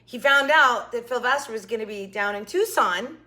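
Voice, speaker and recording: Tired, chatty woman vlogger, higher voice. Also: animated, normal speed, sharp tone. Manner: rambling, talkative, many asides. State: exhausted. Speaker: craft channel host. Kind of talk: chatty storytelling vlog.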